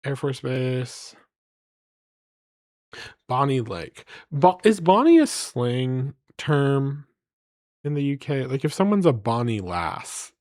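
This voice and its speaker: A man's voice: medium pitch, sing-song, takes it slowly, pauses often, darkish tone, no room sound, clean studio sound. A man streaming live, rambling playfully to his chat as he reads place names aloud.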